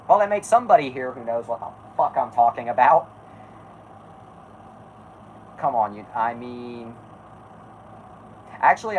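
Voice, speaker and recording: Swearing streamer yelling at a video, voice all over the place, bit of hiss. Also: mid-range voice, rough recording. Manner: loud, swearing, laughing, excitable. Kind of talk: reacting while watching a video.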